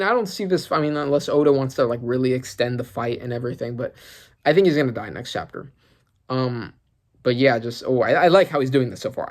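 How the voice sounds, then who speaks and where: A man with an ordinary, middle-pitched voice talks through his reactions in a loose, casual way. He thinks aloud, rambles between points, and turns excitable as he goes. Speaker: manga reaction channel host.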